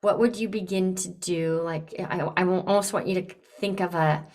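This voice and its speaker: A woman's voice: fairly low pitch, normal speed. Encouraging woman coach. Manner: encouraging, acts out lively enthusiastic examples. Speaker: business coach and podcast host. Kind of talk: live coaching session.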